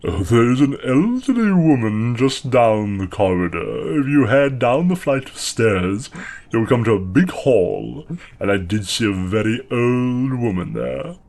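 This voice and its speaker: A man's voice: mid-range voice, animated, unhurried, a little mellow. A man voicing a proud, well-fed grey sewer rat in a tabletop role-playing game, speaking in a dry, matter-of-fact way. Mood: wry. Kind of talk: game master voicing a creature.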